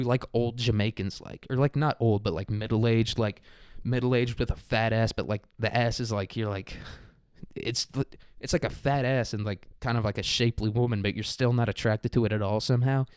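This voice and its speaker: A man's voice: medium pitch, steady tone, moderate pace, darkish tone, clear, resonant tone, dry recording, studio quality. A man hosting a podcast, rambling through a crude, irreverent comedy monologue full of "like" fillers. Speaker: podcast host.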